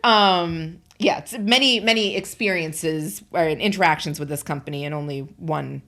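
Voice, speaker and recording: A woman co-hosting a podcast, telling a story in an animated, exasperated way with bursts of laughter. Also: deep voice, normal speed. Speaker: podcast co-host. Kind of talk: casual chat.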